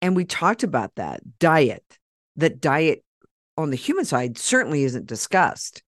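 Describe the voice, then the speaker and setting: Woman hosting a chatty podcast, lowish voice, dry close sound, retells stories with lots of quoting. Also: measured pace, no echo. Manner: chatty, quotes others in animated retellings. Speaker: podcast host. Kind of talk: casual chat.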